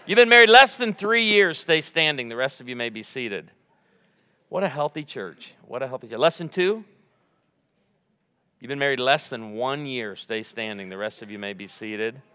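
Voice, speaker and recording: A man's voice: mid-range voice, expressive, moderate pace, bright, forceful tone, clean tone, big-room sound. A man in his forties giving a humorous sermon in a church, bantering playfully with the congregation. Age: 40s. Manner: joking, playful crowd banter. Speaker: guest preacher. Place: church sanctuary before a congregation.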